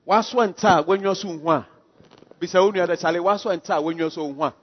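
A man preaching a sermon. He is emphatic, swings from quiet asides to shouted calls, and keeps asking rhetorical questions. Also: high voice, brisk. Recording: dull lo-fi sound with long hall reverb.

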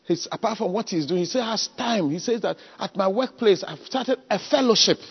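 A man preaches with a high, lively voice that swings up and down, husky at the edges. His sermon is full of animated stories and sudden loud cries. The sound is dull and lo-fi, ringing in a long church-hall echo. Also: fairly quick.

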